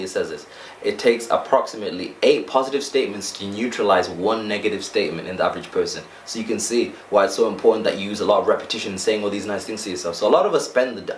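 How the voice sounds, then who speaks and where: Fast-talking low-voiced man, echoey room. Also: distant mic, slight background noise. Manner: earnest, repeats points with "right?" and "okay?". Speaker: self-help vlogger. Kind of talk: motivational talk to camera.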